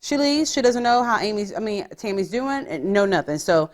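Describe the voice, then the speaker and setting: A woman's voice: mid-range voice, animated, moderate pace. A woman podcast host, recapping a reality show in casual, profane, gossipy chat. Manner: profane, gossipy storytelling that acts out quotes.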